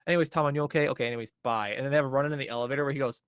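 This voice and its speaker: A man on a podcast talks through a show's plot in a loose, rambling way, sprinkling in laughs and casual swearing. His voice sits at a middling pitch. The sound is close and dry, with no room around it. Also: steady tone, very fast, clear, resonant tone, no room sound. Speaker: podcast co-host. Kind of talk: casual show recap.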